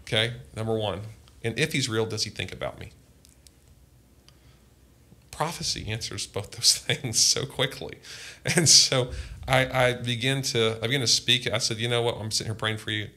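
A man's voice: mid-range voice, normal speed, sharp tone. A man, a pastor, telling earnest personal testimony in a podcast conversation. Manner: earnest, impassioned storytelling.

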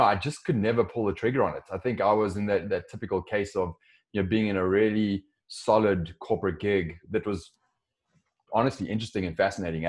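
Deep-voiced South African man, chatty guest. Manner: conversational, with frequent restarts and fillers. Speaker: podcast guest, software co-founder. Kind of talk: casual interview.

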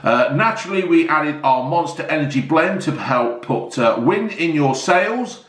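A man's voice: on the high side, animated, measured pace, fairly bright tone. A middle-aged man casually reviewing a drink, rambling and joking, calling his viewers folks. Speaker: product reviewer. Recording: echoey room.

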